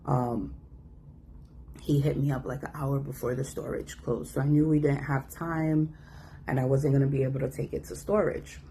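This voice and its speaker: A woman telling a personal story in a casual, animated way, acting out the voices of the people in it. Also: a bass voice, moderate pace, vocal fry, a little hiss or hum. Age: adult. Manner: animated, acts out quoted voices.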